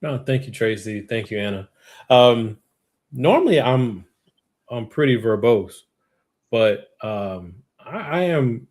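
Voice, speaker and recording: A man hosting a livestream memorial, speaking haltingly through grief with many pauses, over a video call. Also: fairly low pitch, sing-song, darkish tone. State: grieving, near tears. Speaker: show host. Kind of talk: emotional memorial tribute.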